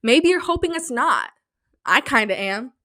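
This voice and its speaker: A young woman hosts her own casual solo podcast from a small home studio, speaking a little slowly in a high, sing-song voice. Sleep-deprived and slap-happy, she's hyper, rambling and self-mocking, her throat slightly sore from yelling. A close studio mic gives a dry sound with no room tone.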